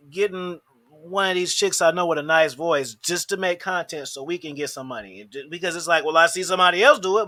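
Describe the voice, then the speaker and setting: A man in a studio podcast, talking in crude, animated, mocking banter and laughing often. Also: fairly high pitch, dry recording. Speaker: podcast host.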